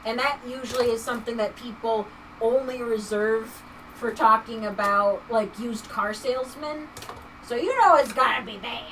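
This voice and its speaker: A woman's voice: fairly high pitch, moderate pace, fairly bright tone, far from the mic, slight background noise, rough recording. Chatty woman streaming while crafting. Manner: chatty, laughs often, reads chat aloud. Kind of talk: casual live-stream chat.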